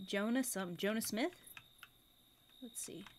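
A woman's voice: medium pitch, normal speed, a little hiss or hum. A woman streamer playing a video game, giggling and talking to herself as she decides what to do. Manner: giggly, self-talking, flustered. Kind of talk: let's play commentary.

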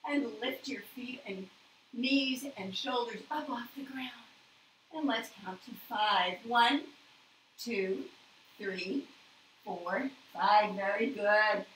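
Lady leading kids yoga, slow easy pace, echoey room, bit far from the mic. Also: fairly high pitch, slight background noise. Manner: counts aloud and gives gentle cheerful cues. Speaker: yoga instructor. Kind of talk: children's yoga class.

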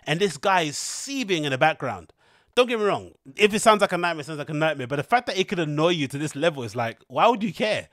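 A man hosts a podcast in rambling, casual commentary. He is animated, cheeky and profane, full of slang. His voice sits a little high and is recorded close and dry. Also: dry recording. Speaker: podcast host.

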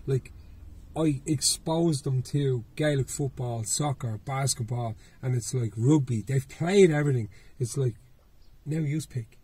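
A middle-aged Irish man hosts a relaxed podcast chat, his voice mellow and dark with a heavy husk to it. He talks in loose, rambling runs, restarting sentences and swearing freely as he goes. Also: mid-range voice, measured pace, husky. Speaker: podcast host. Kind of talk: casual chat.

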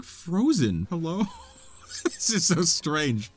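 A young man giving excitable let's play commentary, laughing often and talking back to the game characters. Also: high-pitched, slow pace, soft background music. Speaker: gaming video creator.

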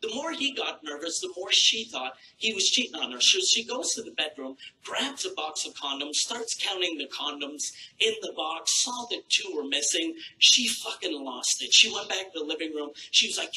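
A man doing a crude stand-up comedy set, telling a story with animated acted-out quotes on a theater stage. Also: high-pitched, moderate pace, a little hiss or hum, low-quality recording. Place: theater stage before a live audience.

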